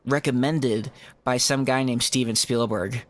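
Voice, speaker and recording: A man's voice: mid-range voice, fairly even intonation, measured pace. A man co-hosting a podcast in casual chat, joking and acting out quotes in silly voices. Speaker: podcast host.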